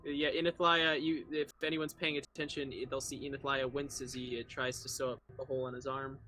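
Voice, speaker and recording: Bright-voiced man player, stumbling. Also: medium pitch, little pitch movement, brisk, slight background noise. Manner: stumbling, restarting phrases. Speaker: tabletop game player. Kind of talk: casual game talk.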